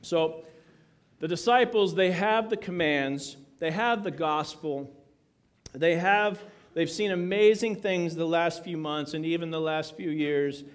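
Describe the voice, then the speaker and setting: A man's voice: fairly high pitch, unhurried, clean tone. Male pastor, casual joking sermon, slightly raised voice. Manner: conversational, joking, many asides.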